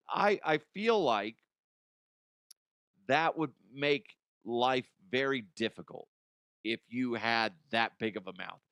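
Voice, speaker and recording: Lively, profane comedy podcast host. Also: male voice, medium pitch, no echo, studio quality. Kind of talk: comedic rant.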